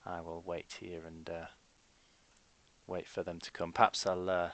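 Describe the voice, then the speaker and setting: A man playing a tabletop role-playing game, describing his character's actions in a halting, hesitant way. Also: low voice, little pitch movement, fairly bright tone, dry recording. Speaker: player. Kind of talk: tabletop role-play over voice chat.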